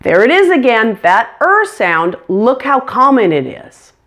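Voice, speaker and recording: A woman's voice: fairly high pitch, big pitch swings, measured pace, a bit bright. A woman teaching English pronunciation, speaking carefully and demonstrating each sound. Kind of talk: pronunciation lesson.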